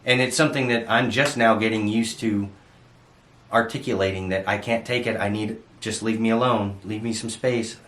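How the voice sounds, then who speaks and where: Man, halting and searching for words, low pitch, echoey home room. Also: steady tone, a bit bright. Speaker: co-host living with dementia. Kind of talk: candid casual chat.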